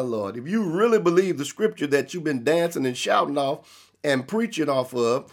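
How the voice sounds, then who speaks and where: A man's voice: a little high, gravelly. A man preaching a sermon, with a Black church cadence, repeating phrases and firing rhetorical questions at his listeners.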